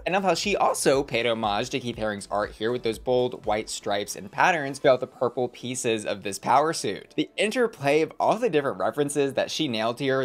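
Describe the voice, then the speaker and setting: A man hosting a casual commentary vlog, reviewing an episode in an animated, opinionated and campy way. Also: mid-range voice. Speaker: host reviewing a reality competition episode.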